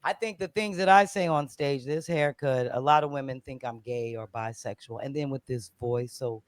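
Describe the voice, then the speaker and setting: A man's voice: mid-range voice, normal speed, no echo. A man, a comedian guest on a live talk show, telling stories and acting out what people said to him. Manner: animated storyteller, acts out quotes. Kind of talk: casual talk show chat.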